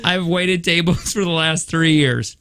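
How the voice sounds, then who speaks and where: A man's voice: on the high side, measured pace, sharp tone, clean tone. A man hosting a radio show, joking around and reading a story aloud with asides.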